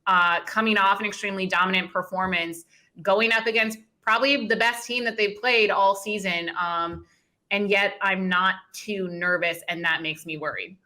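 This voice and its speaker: Chatty woman sports guest, bright voice. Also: medium pitch, steady tone. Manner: chatty, apologetic, quick to laugh. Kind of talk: casual sports talk.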